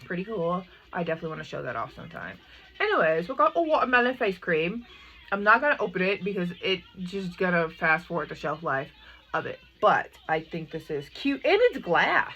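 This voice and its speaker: A young adult woman chatting excitedly as a makeup vlogger, full of asides and "like". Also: fairly low pitch, a little fast, slightly rough, muffled recording. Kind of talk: casual unboxing chat.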